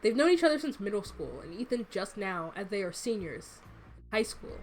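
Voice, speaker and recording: A woman's voice: mid-range voice, very animated, moderate pace, soft background music. A young woman who creates a webcomic, chatting and rambling casually on a livestream as she reads her comic. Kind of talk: casual livestream read-through.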